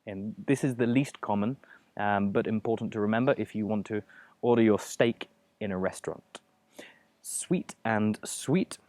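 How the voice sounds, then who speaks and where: A man's voice: lowish voice, fairly even intonation, brisk, darkish tone, dry recording. A man teaching a pronunciation lesson, explaining patiently with examples and frequent fillers. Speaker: English teacher.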